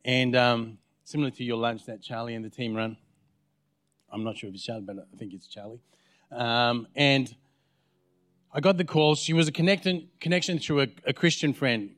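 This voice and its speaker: A man's voice: medium pitch, fairly bright tone, no echo, studio quality. A man preaching a sermon as pastor, telling a personal story and acting out the dialogue. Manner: storytelling, acts out quoted dialogue. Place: church.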